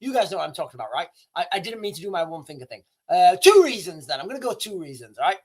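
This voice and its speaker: A man's voice: sits high, big pitch swings, rapid-fire, a little mellow, husky. A man hosting a casual live stream, rambling and correcting himself as he talks to viewers, coughing now and then. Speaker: livestream host.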